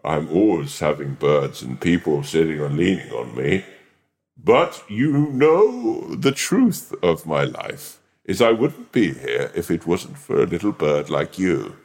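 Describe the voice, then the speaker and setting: A man voicing a wise old oak tree, speaking slowly and solemnly. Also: a bass voice, very animated, vocal fry, darkish tone, roomy sound, exaggerated voice.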